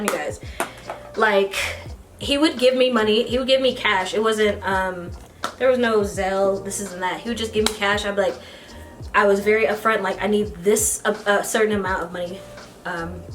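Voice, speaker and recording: A young American woman, a beauty vlogger, telling a story while doing her makeup. She talks casually and animatedly, with bursts of excited squealing. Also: medium pitch. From United States. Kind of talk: get-ready-with-me storytime.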